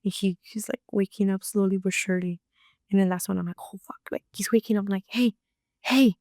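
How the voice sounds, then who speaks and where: Young woman with a gravelly voice. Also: mid-range voice, dry recording, clean studio sound. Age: young adult. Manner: rapid, animated, filler-heavy storytelling. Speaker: podcast guest. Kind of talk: casual storytelling.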